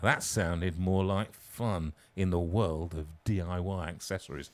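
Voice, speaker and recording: A man reading his own comic story aloud, theatrical and self-mocking, moving from hushed asides to loud peaks. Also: low voice, measured pace, hardly any pauses.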